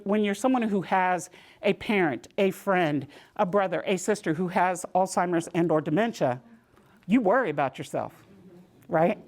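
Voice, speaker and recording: A woman gives a community health talk. She tells her own stories in a lively way and acts out the voices of the people in them. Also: medium pitch. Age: 60s. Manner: lively storytelling, acting out voices in quotes. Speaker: presenter.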